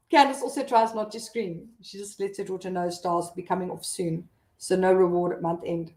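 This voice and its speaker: Chatty South African mom, roomy sound. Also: female voice, on the low side, fairly even intonation, normal speed, warm tone. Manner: chatty, reads out viewer comments, laughs often. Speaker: mom blogger hosting a live stream. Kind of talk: casual live-stream chat.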